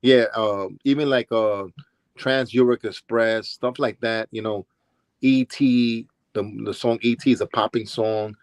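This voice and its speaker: A smooth, mid-range voice with fairly even intonation and a slightly slow pace belongs to an older interview guest from Brooklyn, New York. Once a DJ and dancer, he tells casual stories and changes his voice to portray the people he quotes, with no room sound.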